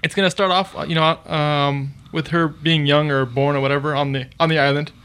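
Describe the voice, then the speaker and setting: A man co-hosts a casual podcast and passes on film rumors at a quick clip. His voice sits slightly high, and his talk is relaxed and full of hesitant fillers. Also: clear, resonant tone. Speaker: podcast co-host. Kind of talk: casual chat about comics and films.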